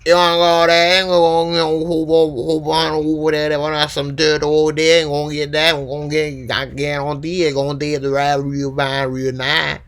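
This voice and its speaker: A man doing a loud, brash impression of a boastful male film star, stammering and shouting. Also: mid-range voice, level tone, unhurried, hardly any pauses, clean tone.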